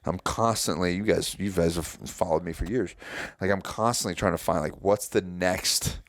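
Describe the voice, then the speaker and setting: Forties male host: low gravelly voice, blunt and rambling, dry close sound. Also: normal speed, dry recording. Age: 40s. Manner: blunt, rambling, searches for words. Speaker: podcast host. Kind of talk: casual chat.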